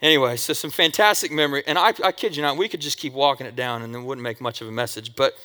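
A man from Oregon telling childhood stories in an animated way, with sound effects and acted quotes. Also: mid-range voice, fast talker. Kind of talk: animated personal storytelling. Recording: long echoey hall reverb.

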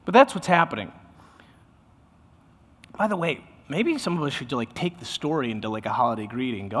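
A man's voice: high voice, very animated, moderate pace, long pauses, a bit bright, long reverb tail, a little hiss or hum. A man preaching a sermon in a loose, conversational way, often restarting his sentences. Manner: conversational, self-interrupting, with many restarts. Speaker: pastor.

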